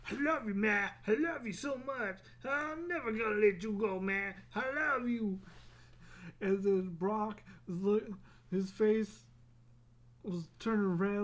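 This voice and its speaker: A slow, unhurried podcast host who rambles along in a casual solo chat. The speaker laughs often, trips over and restarts words, and drops into quick silly voices. The pitch sits in an ordinary middle range. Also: a little mellow.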